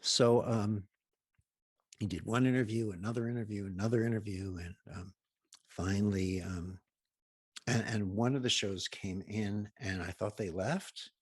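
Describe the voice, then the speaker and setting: Husky-voiced man telling wry stories. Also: lowish voice, dry recording, studio quality. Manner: anecdotal, with wry asides and pauses. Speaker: host of a healing program. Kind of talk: humorous storytelling talk.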